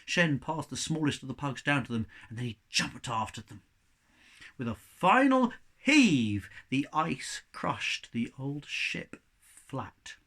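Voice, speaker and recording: A man reading a children's novel aloud to young pupils, with a chatty, expressive manner. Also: medium pitch, slow pace.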